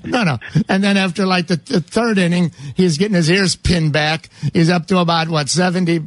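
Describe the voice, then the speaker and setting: High-voiced joking radio host, man. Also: steady tone, normal speed, dry recording. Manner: jokey, rambling, teasing. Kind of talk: sports radio chat.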